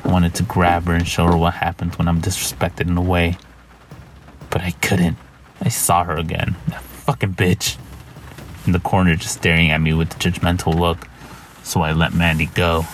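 A man's voice: sits low, completely flat delivery, moderate pace, slight background noise, lightly acted. A man reading as a haunted, unraveling diarist. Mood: bitter. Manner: brooding, weary journal reading.

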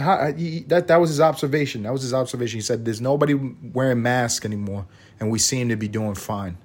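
A man's voice: medium pitch, breathy edge. A man hosting his own podcast, ranting in a profane, sarcastic and rambling way. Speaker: podcast host. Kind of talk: casual rant.

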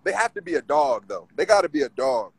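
A man calling in to a talk show, arguing his side in an animated way and often repeating himself. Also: a little high, fast, slightly rough, no room sound, poor audio. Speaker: caller. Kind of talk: casual call-in debate.

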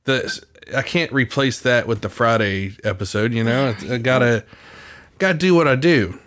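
A man's voice: mid-range voice, moderate pace, a bit bright. A man hosting a podcast in casual chat, rambling and breaking off his own sentences. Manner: rambling, self-interrupting. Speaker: podcast host.

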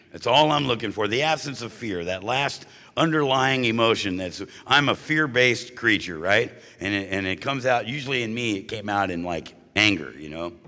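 A man's voice: mid-range voice, pushed and bright. A man speaking at a recovery meeting, telling his own story with humor and punchy jokes. He keeps checking in with the audience by asking "right?" and "you know?". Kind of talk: humorous personal-story talk to a live audience. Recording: live talk with long hall reverb.

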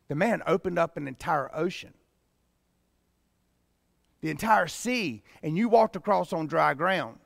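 A man pastor preaching a sermon with emphatic delivery that rises to loud exclamations. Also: high-pitched, animated, normal speed, vocal fry, no echo, studio quality, long reverb tail.

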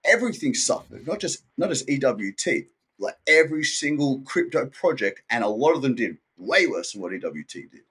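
A man's voice: medium pitch, sing-song, normal speed, fairly bright tone, slightly rough. A man, the guest on a podcast interview, talking casually and with slang, telling his story with energy and acting out what other people said. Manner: casual and slangy, many "like" and "dude" fillers.

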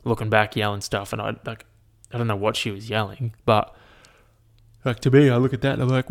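A man's voice: lowish voice, level tone, fairly quick, creaky. A young man, chatting casually to his audience in a rambling, sweary rant. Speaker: vlogger. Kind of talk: casual chat. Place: at home, at a laptop.

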